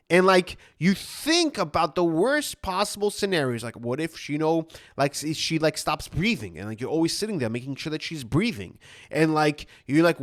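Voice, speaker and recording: A man's voice: high voice, very animated, fast talker. A man in his thirties, an anxiety coach, talking earnestly in a motivational monologue full of fillers and restarts. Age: 30s.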